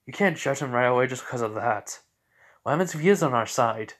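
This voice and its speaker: A man's voice: medium pitch, lively intonation, a little fast, natural voice. A man voicing an earnest young female fighter in a casual, plain way.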